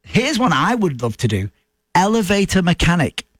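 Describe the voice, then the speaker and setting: An English man co-hosting a radio show in a relaxed, chatty way. His voice sits a bit high and swings around a lot as he talks. The studio sound is close and dry. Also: husky, no room sound. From England. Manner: chatty, playful, does quick impressions. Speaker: radio co-host. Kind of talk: casual radio chat.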